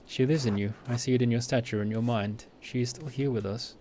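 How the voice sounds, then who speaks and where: A gentle, fatherly innkeeper speaking kindly and steadily, as a man reads him aloud in near his own voice. The tone sits in an ordinary middle pitch. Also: steady tone, a little fast, slight background noise, lightly acted.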